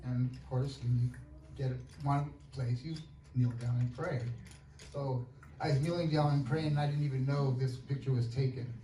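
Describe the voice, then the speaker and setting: A man recounts a personal story in a relaxed, plain-spoken manner, his voice warm and mellow. He stands some way from the mic in a roomy, echoey hall, with faint noise underneath. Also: medium pitch, moderate pace, far from the mic. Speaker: guest sharing a testimony. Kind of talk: casual storytelling testimony. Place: church hall.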